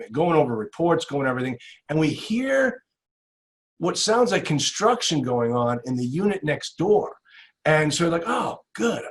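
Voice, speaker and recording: Enthusiastic man hosting a podcast. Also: on the high side. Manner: enthusiastic, reacts with "wow" and laughs. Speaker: podcast host. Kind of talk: casual interview chat.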